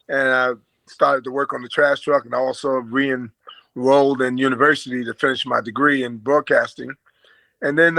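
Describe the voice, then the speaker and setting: Speaking as an interview guest, this older ex-basketball player from Brooklyn, New York, has a mid-range, gravelly yet bright voice and an American accent with a hint of Australian twang. He tells stories in a relaxed, talkative way, full of fillers and chuckles. The audio is close, dry and low quality, with no echo.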